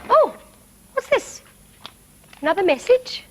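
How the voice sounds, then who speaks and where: A woman's voice: fairly high pitch, big pitch swings, normal speed, slight background noise. Sing-song woman presenting for children. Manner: bright, sing-song, coaxing young viewers.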